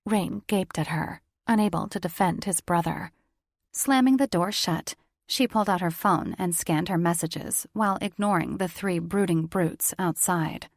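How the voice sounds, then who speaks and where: A woman narrates a paranormal romance audiobook in a steady storytelling voice. Her tone sits low with a gravelly, creaky texture. The recording is dry and close, with no room sound. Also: moderate pace, dry recording. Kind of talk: scripted narration.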